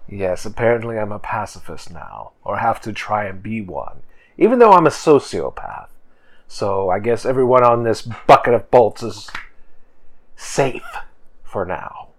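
A man voicing a gruff, sardonic male sociopath and former knight in a tabletop game, speaking dryly. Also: on the low side, lively intonation, a little slow. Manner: dry, sardonic.

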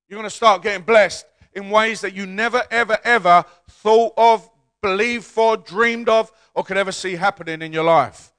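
A pastor delivers a lively call-and-response sermon in church, his high-pitched voice moving at normal speed. He builds up to shouts and coaxes the congregation into repeating words.

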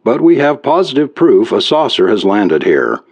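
A man voicing a nervous, urgent male physicist in a read-aloud story, hurried and anxious. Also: fairly low pitch, very animated, darkish tone, husky, pitched above the performer's own voice, exaggerated voice. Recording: dull lo-fi recording.

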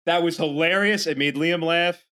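A man co-hosting a podcast in casual chat, profane and rambling, slipping into animated impressions. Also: fairly high pitch, normal speed, smooth. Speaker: podcast co-host.

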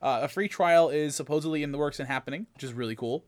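Male podcast co-host, a touch high-voiced, eager and rambling, recaps game news casually. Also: quick pace. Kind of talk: casual gaming podcast chat.

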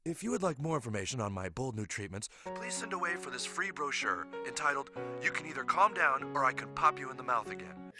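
A man's voice: medium pitch, sing-song, brisk, natural voice. An actor playing a fretful male doctor in a cartoon, flustered and stammering. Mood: pitching. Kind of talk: cartoon voice acting. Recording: cartoon clip with music underneath.

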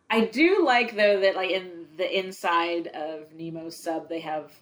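A woman's voice: fairly low pitch, takes it slowly. A woman co-hosting a podcast, chatting casually about a film with dry asides and frequent giggles. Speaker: podcast co-host.

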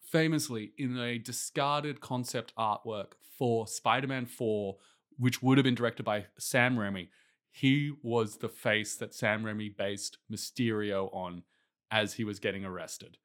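A man co-hosting a casual film podcast, wry and quick to laugh, slowing down for effect. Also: lowish voice, fairly even intonation, fairly bright tone. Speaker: podcast co-host.

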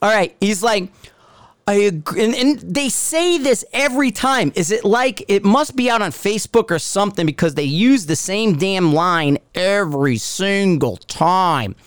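A middle-aged podcast host from Connecticut rambles through a profane, sarcastic rant in a Northeastern US accent. His voice sits somewhat high for a man. The sound is dry and close, with no room around it. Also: animated, unhurried, hardly any pauses, clear, resonant tone, dry recording. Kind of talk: ranting podcast monologue.

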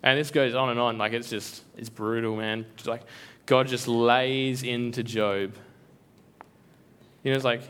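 A man's voice: medium pitch, fairly even intonation, measured pace, long pauses, fairly bright tone, clear, resonant tone. Earnest man giving a casual sermon. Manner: conversational, filler-heavy, earnest, with frequent repeats. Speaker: preacher. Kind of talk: casual devotional talk.

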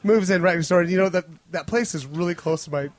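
A man co-hosting a comedy podcast, telling a profane story with animated energy and acting out his own reactions. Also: sits high, fast.

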